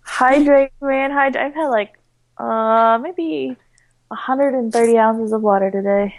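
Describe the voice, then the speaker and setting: Woman co-host, higher voice, teasing and playful. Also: unhurried. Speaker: podcast co-host. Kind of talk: casual chat.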